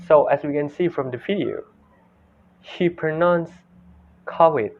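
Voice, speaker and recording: A young man with an Indonesian accent giving a classroom presentation, repeating example words several times. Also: mid-range voice. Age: young adult. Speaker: student presenter. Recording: tinny phone-like sound.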